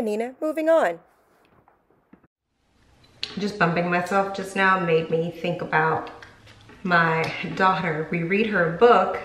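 A woman's voice: lowish voice, a bit bright, a little hiss or hum. Chatty self-mocking young woman vlogger. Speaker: beauty vlogger. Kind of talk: casual hair tutorial chat. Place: home room. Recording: echoey room.

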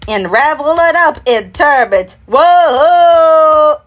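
A woman's voice: high voice, measured pace, muffled recording. A woman recreating a TV commercial break by herself, rambling through slogans and product names in slurred, half-mumbled words and humming the jingles as "da da". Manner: hums and sings jingles in "da da" syllables.

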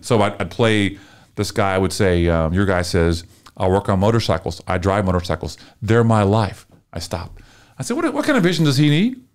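A middle-aged man from Texas, a marketing consultant guest telling an animated, emotional story and acting out dialogue in a podcast interview. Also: mid-range voice. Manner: lively, emotional storyteller, often acts out dialogue.

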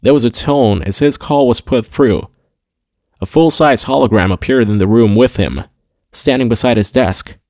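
A man narrating a science-fiction audiobook in a steady, clear storytelling manner. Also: mid-range voice, normal speed, no room sound, studio quality. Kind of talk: scripted narration.

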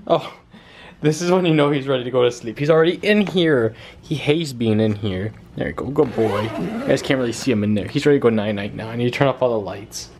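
A man's voice: a little mellow, slight background noise. Sing-song young man vlogging at home. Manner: coos at his puppy in a higher, sing-song voice. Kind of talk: casual home vlog. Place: home living room.

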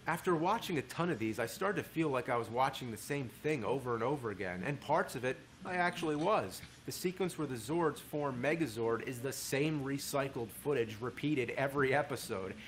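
A man giving a casual, animated spoken review of a TV show, swearing freely as he talks. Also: medium pitch, fairly quick, hardly any pauses, slight background noise.

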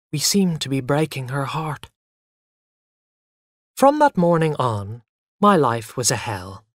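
Man narrating an expressive story. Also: medium pitch, no room sound, studio quality.

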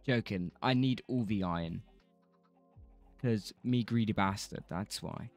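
Slow-talking rambling man streamer. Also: fairly low pitch, faint music behind. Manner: rambling, sings snatches of songs, swears freely. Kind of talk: casual gameplay commentary.

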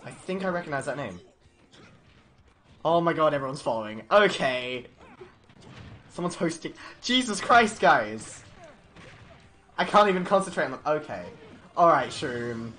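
A young man giving excited, stammering live commentary on his game stream, laughing often. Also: fairly high pitch.

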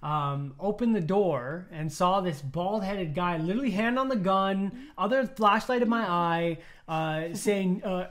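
A man co-hosting a podcast, telling a story in casual chat, animated, acting out the voices of people he quotes and laughing often. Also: high-pitched, moderate pace, hardly any pauses. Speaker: podcast co-host.

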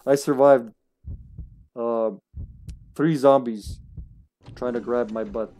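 Chatty male game streamer, lively laughs. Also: mid-range voice, slow pace. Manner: chatty, swearing, bursts into loud laughter. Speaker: streamer playing co-op. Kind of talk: live gameplay commentary.

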